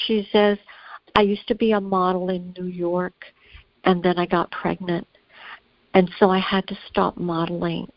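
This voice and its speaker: Gravelly-voiced woman telling stories. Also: medium pitch, no echo, muffled recording. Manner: animated, acts out quoted voices. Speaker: guest, skincare consultant. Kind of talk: casual storytelling in an interview.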